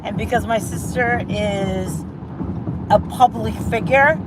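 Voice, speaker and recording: A woman on a live stream retelling a dispute in a drawn-out, profane way. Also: fairly high pitch, noisy background. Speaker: livestreamer telling her side. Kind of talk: slow storytelling on a live stream.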